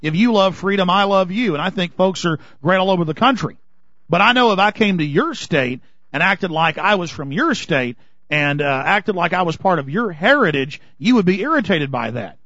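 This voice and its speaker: A man's voice: high voice, lively intonation, normal speed, pushed and bright, no echo, muffled recording. Indignant man ranting on talk radio. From Texas. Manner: impassioned, indignant ranting with many restarts. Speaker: political commentator.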